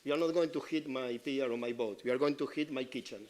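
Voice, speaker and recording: A man giving public comment at a city meeting, halting and repeating himself while pressing his complaints. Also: mid-range voice, darkish tone.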